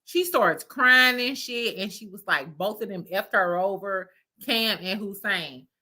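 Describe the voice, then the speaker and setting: A woman's voice: medium pitch, unhurried, pushed and bright. A woman hosting a casual reality TV recap, with profane, laughing gossip. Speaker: host. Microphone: streaming mic.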